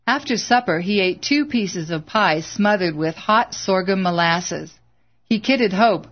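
A woman narrating an audiobook in a measured, earnest way, in a slightly dull lo-fi recording. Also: medium pitch, lively intonation.

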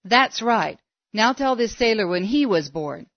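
Storybook reading: woman voicing a gruff young male game warden, curt and defensive, on a dry, dull recording. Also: sits high, expressive, unhurried, no echo. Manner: short, rustic, defensive replies.

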